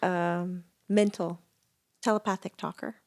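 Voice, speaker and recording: A woman's voice: fairly low pitch, flat delivery, a little slow. A woman co-hosting a casual podcast, telling stories animatedly and laughing often. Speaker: podcast co-host and medium. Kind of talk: casual chat.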